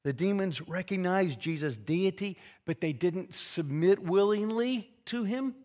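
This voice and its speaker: Earnest, fairly high-voiced male preacher. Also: expressive, a little slow, darkish tone. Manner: earnest, conversational, with frequent restarts and asides. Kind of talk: expository sermon.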